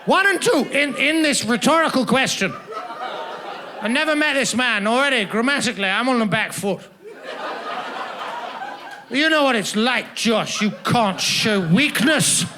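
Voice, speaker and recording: Brief: male stand-up, high voice, pompous and teasing crowd work, live audience laughing loudly throughout. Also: expressive, normal speed, long pauses, background noise. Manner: pompous, florid, mock-formal and teasing. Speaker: stand-up comedian. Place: comedy festival stage.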